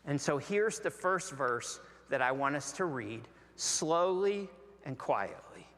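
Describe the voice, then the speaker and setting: Slow-preaching Southern pastor in a church. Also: male voice, on the high side, expressive, a bit bright. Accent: Southern American. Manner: slow, deliberate preaching with long pauses. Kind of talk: sermon. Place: large church sanctuary. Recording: long hall reverb.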